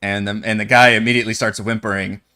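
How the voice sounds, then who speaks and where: Animated male game master narrating. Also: fairly low pitch, fast, smooth. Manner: animated, loose, many fillers.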